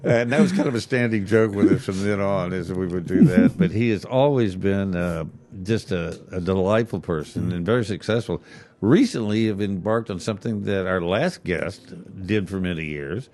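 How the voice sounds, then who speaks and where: A male talk show host with a fairly low voice reminisces with his guest. He tells anecdotes in a relaxed, chatty way over a faint background hiss. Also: normal speed, few pauses. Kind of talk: casual interview chat.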